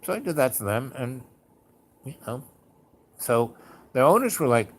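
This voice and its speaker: A man's voice: medium pitch, sing-song, normal speed, husky. A man hosting, telling stories in a rambling casual way, full of "you know" and "like", who slips into a theatrical voice for quotes. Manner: acts out quotes in a raised theatrical voice. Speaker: host. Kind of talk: casual storytelling monologue.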